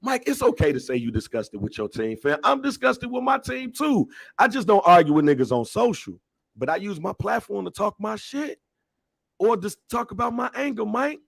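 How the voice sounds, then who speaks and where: A man co-hosting a podcast in heated casual banter, loud and teasing, repeating himself insistently. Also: high voice, very animated, moderate pace, creaky, husky, no echo. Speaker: podcast co-host.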